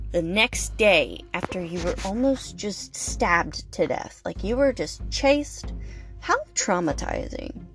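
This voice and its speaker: A woman's voice: medium pitch, fairly bright tone. A young woman hosting a podcast, reviewing a movie in a casual, chatty way with plenty of swearing, fillers and playful asides. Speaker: podcast host.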